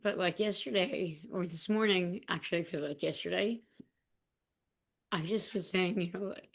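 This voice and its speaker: A woman with a fairly low voice and a lot of gravelly fry shares personal stories. She is heartfelt and emotional and often stops and restarts her sentences, with many fillers. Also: normal speed. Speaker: podcast guest. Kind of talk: personal sharing in conversation.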